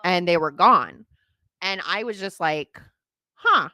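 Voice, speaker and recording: A woman's voice: lowish voice, unhurried, sharp tone, no room sound. A woman hosting a podcast, telling a story in casual chat, laughing often and acting out the voices she quotes. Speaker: podcast host.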